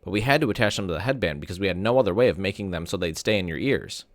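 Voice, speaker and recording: A man's voice: sits low, lively intonation, racing, no room sound. A man reading as a playful, upbeat ear doctor. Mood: reassuring. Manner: reassuring, playful.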